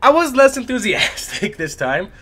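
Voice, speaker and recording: A young man, an esports shoutcaster with a sore throat, telling a rambling, animated story between matches. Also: sits high, normal speed, breathy edge. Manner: animated, rambling anecdote with lively voiced asides.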